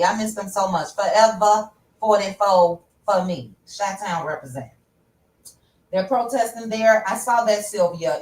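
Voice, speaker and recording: A woman's voice: medium pitch, darkish tone, roomy sound, far from the mic, poor audio. A woman hosting a casual livestream, chatting directly with her viewers about pop culture news. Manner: chatty, talks straight to viewers. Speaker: host.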